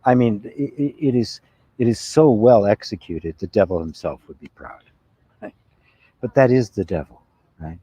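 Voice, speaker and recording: A man giving a spiritual satsang talk, reflective and unhurried, often asking "right?" and laughing softly. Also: lowish voice, breathy edge, dry recording. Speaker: spiritual teacher. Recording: dull lo-fi sound.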